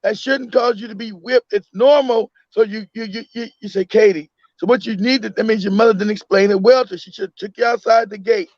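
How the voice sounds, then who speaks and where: A man's voice: sits high, fairly even intonation, fairly quick, hardly any pauses, a little mellow, no echo. A man from the United States talking emphatically in a casual chat, often repeating himself and acting out a parent's words. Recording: dull lo-fi sound.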